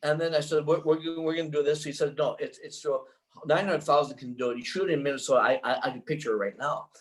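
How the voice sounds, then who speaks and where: An older man, a filmmaker guest in an interview, telling a long anecdote in an excitable, rambling way full of restarts. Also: a little high, quick pace, low-quality recording.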